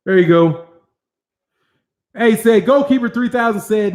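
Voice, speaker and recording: A Midwestern American man hosting a casual livestream, talking in an animated, profane way and reading viewer chat aloud. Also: sits high, moderate pace, pauses often. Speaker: host.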